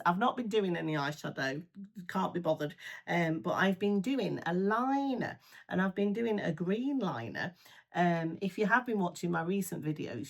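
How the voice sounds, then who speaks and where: A woman's voice: fairly low pitch, fairly bright tone. A woman, a first-time grandmother, chatting casually and gushing while doing her makeup, with plenty of ums. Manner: chatty and gushing, with many fillers. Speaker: beauty vlogger.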